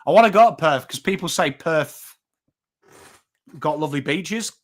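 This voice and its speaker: A man's voice: on the high side, lively intonation, normal speed. A man in his thirties with a northern English accent, hosting a live footy watchalong and chatting casually with viewers. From England. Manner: chatty, rambling, swears casually, reads chat names. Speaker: watchalong host. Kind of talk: casual live-stream chat.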